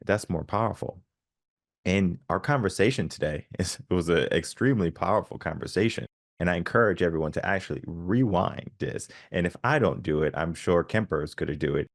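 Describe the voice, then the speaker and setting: A male podcast host with a very deep voice rambles through a reflection, full of "you know" and "like". The sound is close and dry, with no room around it. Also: a little fast, no echo. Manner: reflective, rambling, many fillers. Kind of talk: podcast interview.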